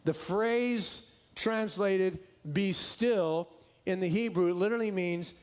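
A pastor preaches to his congregation with a voice that sits somewhat high for a man. He leans hard on key words and stretches them out slowly. At times he sinks into a hushed, gentle delivery. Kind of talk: sermon.

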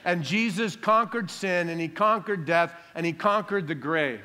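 Male pastor, emphatic sermon delivery, bright and forceful tone. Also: high voice, moderate pace. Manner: emphatic preaching, calls for amens, drops soft on solemn lines.

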